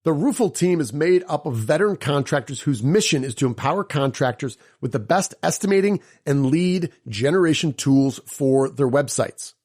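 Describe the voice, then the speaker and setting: A man's voice: a little high, expressive, normal speed, hardly any pauses, darkish tone. A man hosting a podcast, reading an introduction and then chatting with guests in an upbeat, joking way. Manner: upbeat, joking, playful asides. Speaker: podcast host. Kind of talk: scripted intro, then casual interview chat.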